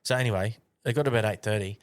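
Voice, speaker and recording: A man's voice: lowish voice, very fast. A man, co-hosting a podcast and telling a long, casual story full of swearing. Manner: swears a lot, acts out voices in anecdotes. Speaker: podcast co-host.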